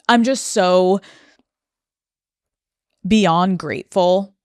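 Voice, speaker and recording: Podcast host, American woman in her thirties, slow and emotional near-tears confession, low-pitched, dry close sound. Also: clear, resonant tone, no echo. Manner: candid, emotional, many fillers. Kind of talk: personal monologue.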